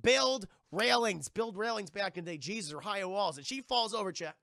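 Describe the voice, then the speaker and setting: A man's voice: sits high, brisk, no room sound, studio quality. A man streamer giving a rambling, profane recap of a movie to his chat. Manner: crude, excitable, heavily profane.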